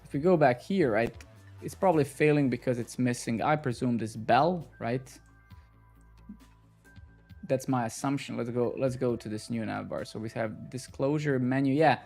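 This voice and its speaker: A man's voice: mid-range voice, normal speed, gravelly, a little mellow, faint music behind. A man live coding on a stream, thinking aloud as he works and swearing at the code when it breaks. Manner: muttering to himself, swearing in frustration.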